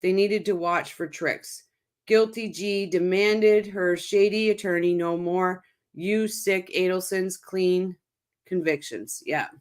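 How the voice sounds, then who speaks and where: A woman's voice: lowish voice, fairly even intonation, takes it slowly. Blunt, profane woman livestream host. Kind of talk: casual commentary over press clip.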